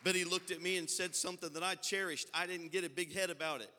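Man, pastor, Pentecostal sermon, high-pitched, bright ringing tone, fervent and folksy. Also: fairly even intonation, fast, a little hiss or hum. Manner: impassioned preaching that swells into loud, fervent passages; folksy, conversational storytelling between climaxes. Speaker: senior pastor. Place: church sanctuary. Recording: long hall reverb from a large sanctuary.

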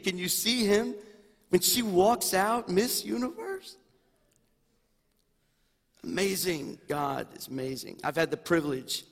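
A man preaching a sermon as pastor, animated and swinging from quiet asides to loud exclamations. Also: high-pitched. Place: church sanctuary. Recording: long reverb of a large hall.

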